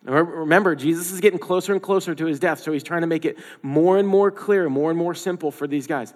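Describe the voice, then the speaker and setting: Male pastor, sermon, conversational and emphatic, fairly high voice, long hall reverb. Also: fast. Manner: conversational, emphatic, repeats phrases for stress.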